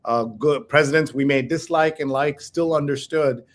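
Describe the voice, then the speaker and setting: A man co-hosting a casual talk show, opinionated and animated, who reads headlines aloud and reacts with blunt commentary. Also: a little high, normal speed. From India. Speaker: co-host. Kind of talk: casual chat.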